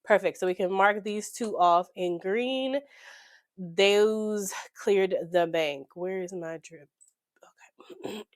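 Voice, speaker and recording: A slightly hoarse woman, chatting excitedly with viewers while walking through her budget at home. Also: medium pitch, takes it slowly, dry recording, studio quality. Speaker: budgeting YouTuber. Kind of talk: casual chat while budgeting. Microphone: desk microphone.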